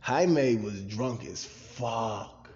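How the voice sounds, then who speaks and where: Animated, profane man telling a story. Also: medium pitch, extremely slow, lo-fi sound. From Maryland, USA. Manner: animated, profane, laughs often. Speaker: podcast cast member. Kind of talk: casual storytelling.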